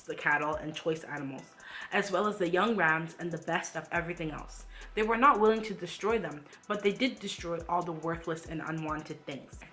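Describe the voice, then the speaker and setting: A woman's voice: on the low side, sharp tone. A woman leading a Bible read-along, reading aloud and adding emphatic commentary full of rhetorical questions. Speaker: Bible study vlogger.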